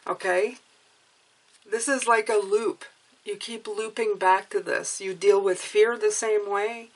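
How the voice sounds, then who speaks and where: In a slow, mid-range voice with fairly even intonation, a woman gives an earnest spiritual tarot reading. Emotional and coaxing, she keeps checking in with her viewers, saying "okay?" and "you guys."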